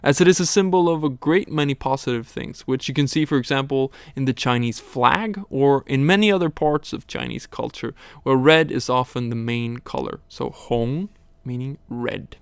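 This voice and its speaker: A man teaching a recorded language lesson, slowly explaining words, tones and examples. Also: medium pitch, gravelly, clean tone, dry recording.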